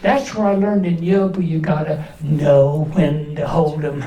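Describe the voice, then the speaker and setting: An older man doing a stand-up comedy set, delivering one-liners with pauses before each punchline. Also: a little high, mellow. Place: large indoor event hall. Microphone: distant camera from the back of the room. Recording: echoey hall, from far off.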